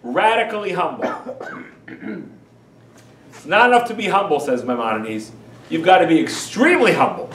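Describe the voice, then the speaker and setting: A man teaching as a rabbi in an animated, emphatic lecture full of rhetorical questions. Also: a little high, normal speed, pauses often, a little hiss or hum. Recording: echoey room, far from mic.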